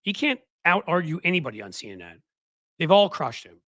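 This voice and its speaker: A man's voice: a little high, very animated, brisk, a bit bright, no room sound. A man hosting a political commentary stream in casual talk, mocking his target and quoting others in put-on voices.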